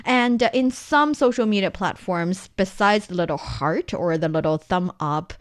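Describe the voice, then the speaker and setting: A woman who is a native Chinese speaker, with a Chinese accent, co-hosts a language-learning podcast and teaches Chinese, explaining words one by one in a lively, chatty way. Her voice is lowish and her pace moderate. The sound is studio quality with no echo.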